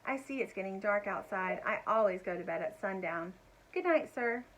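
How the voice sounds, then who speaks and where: A woman voicing a small, polite hen bird with a soft, musical voice and a lilting manner, reading a storybook aloud. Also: medium pitch, lively intonation, moderate pace, close to an everyday voice, low-quality recording. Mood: gentle.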